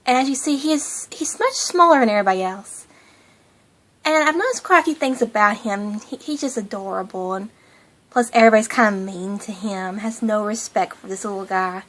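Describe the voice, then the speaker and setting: A woman's voice: medium pitch, expressive, a little fast, a bit bright. A young woman hosting her own fan channel, chatting casually about a cartoon in a gushing, giggly way.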